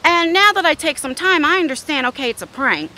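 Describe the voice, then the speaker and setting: A middle-aged woman vlogger tells a story in a casual, blunt way. Her voice sits high and swings widely in pitch. Its tone is bright and forceful. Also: fairly quick. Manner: animated, blunt storytelling with swearing.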